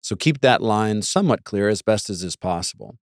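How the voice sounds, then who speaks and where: Low-voiced wry man in a dry room. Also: lively intonation, brisk, no room sound. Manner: wry, sarcastic asides, mock voices for quotes. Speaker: podcast host. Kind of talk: casual monologue.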